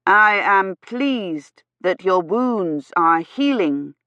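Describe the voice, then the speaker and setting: A woman reading aloud, voicing a young knight who speaks slowly and stresses every word. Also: fairly low pitch, a bit bright, no echo. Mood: deliberate. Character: earnest young knight, slow and over-distinct. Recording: slightly dull, dry audio.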